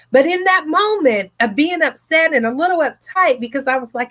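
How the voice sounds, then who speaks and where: A woman hosting a retreat, telling her story in a motivational talk with an emphatic, repetitive, animated delivery from her home office. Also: high voice, normal speed, hardly any pauses. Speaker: retreat host, speaker.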